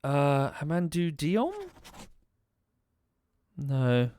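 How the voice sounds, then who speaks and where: Speaking extremely slowly in a fairly high, warm, clean voice, a man gives live commentary on a game, pondering aloud and addressing the characters directly. The recording is dry.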